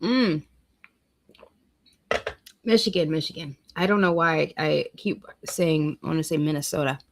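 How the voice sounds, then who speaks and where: Slow, chatty woman streamer. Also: sits low, steady tone. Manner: chatty, talks to viewers, reads weather aloud. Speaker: livestream host. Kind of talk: casual livestream chat.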